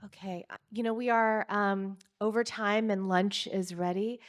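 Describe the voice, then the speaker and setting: A woman moderating an event, warmly thanking the speaker and closing the session. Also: medium pitch, fairly even intonation, a little slow.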